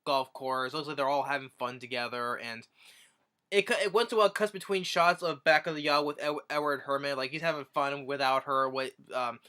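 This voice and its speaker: A man's voice: mid-range voice, fairly even intonation, a little fast, bright, forceful tone, clean tone. A man casually retelling a movie's plot as a reviewer, rambling with many restarts. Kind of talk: casual film review recap.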